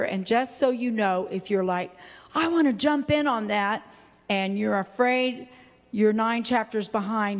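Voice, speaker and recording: An older woman preaching a folksy, animated sermon that breaks into sudden high exclamations. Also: big-room sound.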